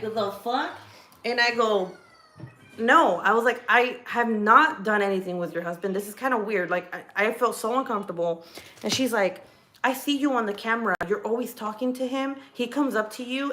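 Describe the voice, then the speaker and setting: A woman vlogger telling a gossipy story from home, casual and rambling, swearing often and restarting her sentences. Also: medium pitch. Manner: profane, rambling, animated storytelling.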